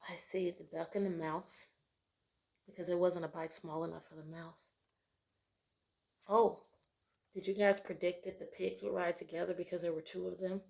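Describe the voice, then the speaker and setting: A woman teacher reading a picture book aloud to children, often stopping to ask questions and giving the narration bright storybook emphasis. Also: on the low side, little pitch movement, normal speed, gravelly, long pauses.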